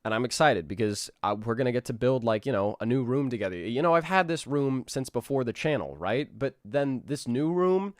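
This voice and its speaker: A man's voice: medium pitch, lively intonation, fairly quick, few pauses, no room sound, studio quality. A man in his twenties chatting casually with viewers on a live stream, rambling and restarting his sentences. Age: 20s. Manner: rambling, restarts, laughs easily. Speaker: animator streamer.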